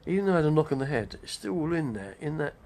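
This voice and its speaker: Older guy, gravelly voice, rambling live-stream host. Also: a little high, lively intonation, quick pace, a little mellow, a little hiss or hum. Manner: chatty, digressive, name-dropping. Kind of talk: rambling casual monologue.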